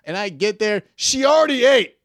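A man's voice: high-pitched, very animated, moderate pace, creaky, a bit bright, no echo, studio quality. A young man, rambling through dating anecdotes in a casual podcast chat. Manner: rambling anecdotes full of fillers. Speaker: podcast co-host.

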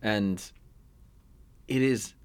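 A man in his thirties hosting a podcast, chatting casually about musicals and slipping into animated quoted voices. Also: fairly low pitch, drawn-out words, clean tone. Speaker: podcast host.

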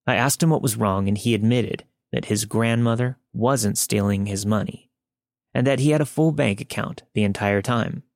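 A man narrating a listener's true story in a steady, scripted podcast reading. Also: fairly low pitch, normal speed, no room sound, studio quality.

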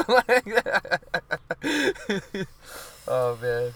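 A man's voice: medium pitch, animated, measured pace, long pauses, fairly bright tone. A young man hosting a podcast in casual chat, laid-back and laughing often. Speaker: podcast host.

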